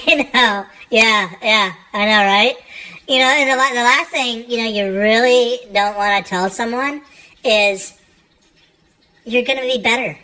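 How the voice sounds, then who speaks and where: A woman's voice: on the high side, unhurried, pushed and bright, low-quality recording. A woman doing a stand-up comedy routine, profane and rambling, full of fillers.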